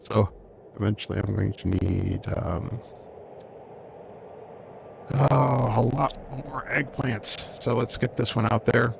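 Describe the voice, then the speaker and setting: A man hosting a game let's-play, thinking aloud in an unhurried way as he plays. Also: mid-range voice, gravelly, noisy background. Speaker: gaming channel host. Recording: dull lo-fi recording, faint music.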